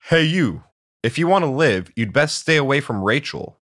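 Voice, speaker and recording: A man's voice: deep voice, normal speed, dry recording, studio quality, lightly acted. A man doing a menacing teen bully. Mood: threatening. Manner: threatening, taunting. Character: older teen bully boy, menacing and smug.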